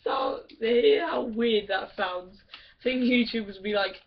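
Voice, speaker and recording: Crude, rambling woman doing game commentary; slow delivery, off-mic lo-fi sound. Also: mid-range voice, steady tone, far from the mic, a little hiss or hum. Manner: rambling and crude, swearing often. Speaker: gameplay commentator. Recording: dull lo-fi from off mic, loud music behind. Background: loud music.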